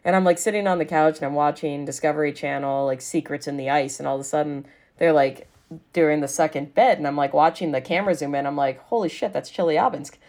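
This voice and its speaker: A woman's voice: low voice, steady tone, fast talker, a little mellow. A woman in her thirties from Alaska, a podcast guest telling stories in a casual, giggly way, full of fillers and laughs. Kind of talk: casual storytelling chat.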